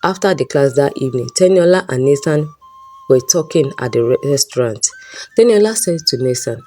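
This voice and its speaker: A woman's voice: a bass voice, animated, normal speed. A woman narrating a folk story aloud in a plain read-aloud manner. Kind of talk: storybook narration with character voices. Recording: soft background music.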